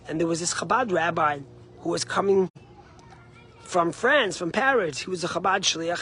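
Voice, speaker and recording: A male rabbi giving a short sermon with a story. He speaks emphatically and loudly at first, then drops to a quiet, earnest tone. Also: sits high, slightly rough.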